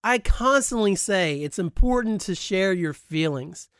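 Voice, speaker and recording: High-pitched and expressive, this podcast host takes his time, his fairly bright, smooth voice captured dry with studio quality. The adult man, beyond high school age, delivers a frank, emphatic personal monologue full of swearing.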